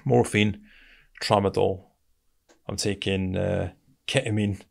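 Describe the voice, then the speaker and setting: A man's voice: low-pitched, fairly even intonation, slow pace, gravelly. A middle-aged British man, a military veteran, telling his story in a blunt, casual way and calling the listener "mate". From Britain. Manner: blunt, conversational, keeps saying "mate".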